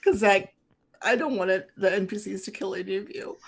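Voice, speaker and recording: A woman narrating a tabletop game as game master, relaxed and chatty, quick to laugh. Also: mid-range voice, gravelly, breathy edge.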